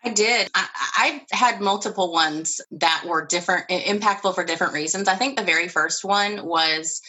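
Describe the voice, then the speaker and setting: A woman hosting a faith podcast, telling stories in a lively way and laughing often. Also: fairly low pitch, normal speed, slightly rough, low-quality recording. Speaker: podcast host.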